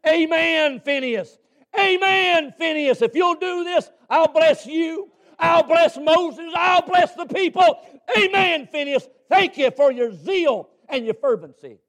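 A high, ringing, jubilant male voice of God, as a preacher puts him on, shouting out blessings with great force. The sermon voice climbs higher still and bursts into loud cries of praise. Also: measured pace, full character voice. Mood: exultant.

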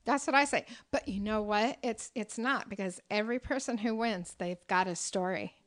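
A woman's voice: mid-range voice, moderate pace, rough recording. A middle-aged woman, a restaurant owner and cookbook author, telling stories in a casual interview chat, with lots of fillers and frequent laughter. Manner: chatty storyteller, laughs often, many fillers.

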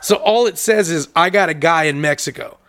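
A man's voice: on the high side, brisk, fairly bright tone. A young man on a podcast, telling a long story casually, swearing and acting out both sides of each conversation. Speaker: podcast co-host.

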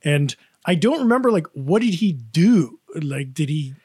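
A man from upstate New York co-hosting a podcast, animated and questioning in casual chat. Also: fairly high pitch, unhurried, slightly rough, dry recording, studio quality. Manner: animated, questioning, playfully indignant storyteller. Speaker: podcast co-host.

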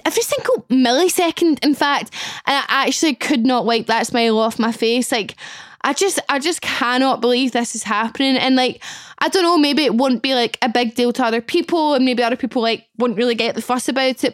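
A woman's voice: sits high, no echo, studio quality. A Scottish woman in her twenties hosting a podcast, gushing and emotional, often laughing as she chats casually. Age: 20s. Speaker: podcast host. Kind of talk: casual chat.

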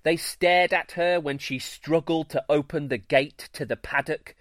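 A man hosting a children's story show, giving scripted narration in a playful, expressive way. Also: on the high side, measured pace, no room sound, studio quality. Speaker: storyteller host.

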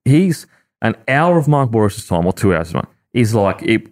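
A man's voice: fairly low pitch, big pitch swings, normal speed, a little mellow. An Australian man, a former rugby league player, talking earnestly and rambling with lots of restarts as a podcast guest. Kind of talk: casual podcast chat.

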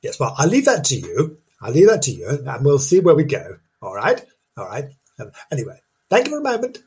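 A man's voice: mid-range voice, wildly swooping pitch, fairly quick, a little mellow, husky. A man hosting a comic ghost-story podcast, gasping, giggling and repeating his phrases for effect. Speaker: podcast host. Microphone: studio mic with headphones.

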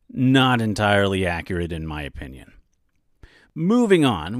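Man, podcast commentary, wry, self-deprecating, unhurried, dry close sound. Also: medium pitch, no echo. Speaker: audiobook podcast host.

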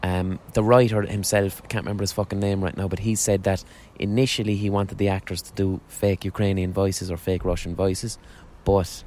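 Male podcast host, lowish voice, loose sweary street-corner monologue, faint city hum behind. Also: darkish tone. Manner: rambling, sweary, frequent restarts. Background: faint street ambience.

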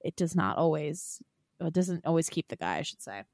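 A woman co-hosting a casual podcast, recapping reality TV in a chatty, animated way and laughing often. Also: low-pitched, a little fast, no echo, clean studio sound. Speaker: podcast co-host.

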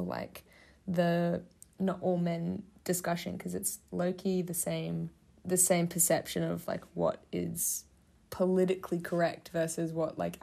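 A woman in her twenties co-hosting a casual podcast, animated and given to loud disbelief. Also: fairly low pitch, gravelly. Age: 20s. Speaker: podcast co-host.

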